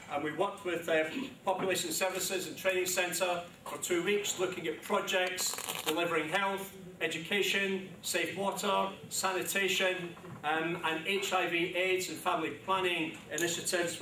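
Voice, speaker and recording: A man with a London accent addresses a launch crowd, rambling genially and pausing often on ums. His voice is bright and a touch high. It is recorded from a distance in a large, echoing hall. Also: a little hiss or hum. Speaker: government minister giving a speech. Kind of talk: formal speech at a press launch. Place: large echoey event hall. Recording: echoey hall, speaker off-mic.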